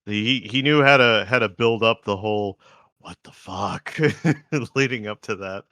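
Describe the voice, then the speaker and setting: An animated man in a casual book-club chat who keeps slipping into playful character voices. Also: on the low side, normal speed, smooth, no room sound, studio quality.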